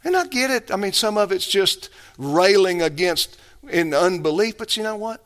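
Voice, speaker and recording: Emphatic high-voiced male preacher. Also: animated, moderate pace. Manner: emphatic preaching, swinging between hushed and raised. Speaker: pastor. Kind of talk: sermon.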